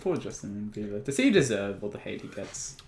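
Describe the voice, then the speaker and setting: A teenage boy co-hosting a casual podcast chat, animated and quick to joke. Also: on the low side. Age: teens. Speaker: podcast co-host. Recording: echoey room with audible noise.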